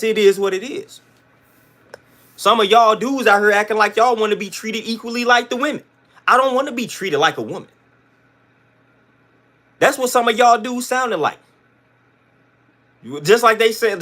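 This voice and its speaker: This man, hosting a livestream, vents to his chat in a forceful, slang-filled, blunt way, repeating himself to drive points home. His high voice is expressive, brisk, and bright.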